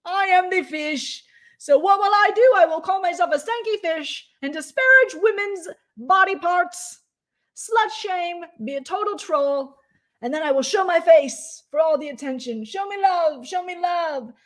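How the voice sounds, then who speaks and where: A woman's voice: very high-pitched, a little slow, fairly bright tone, pitched above the performer's own voice. A woman voicing a pompous, self-pitying male internet troll in a theatrical, grandiose, whiny way. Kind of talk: mocking impression in casual chat.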